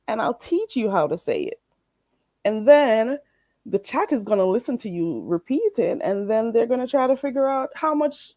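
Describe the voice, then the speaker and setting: A woman's voice: fairly high pitch, dark tone, dry recording, studio quality. Playful woman live-stream host. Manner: playful and teasing, drawn-out slow demonstrations. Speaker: livestream host teaching phrases. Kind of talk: casual live-stream chat with viewers.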